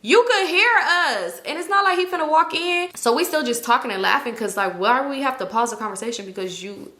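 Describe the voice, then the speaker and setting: A young woman telling a storytime vlog story in a blunt, profane, animated way, acting out each voice. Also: fairly high pitch, fast talker. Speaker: storytime vlogger. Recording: echoey room.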